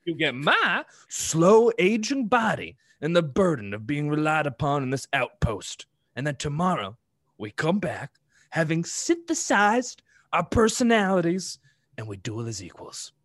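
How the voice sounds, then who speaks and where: A man's voice: on the high side, sing-song, unhurried, a bit bright, dry recording, studio quality. A man reading his own comedy script aloud and chatting casually, self-mocking and laughing often.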